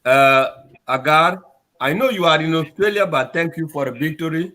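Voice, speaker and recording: A man's voice: a little high, animated, moderate pace, bright, forceful tone. A man from Sudan, giving an upset, emphatic address to his community and repeating his points. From South Sudan. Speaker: community speaker.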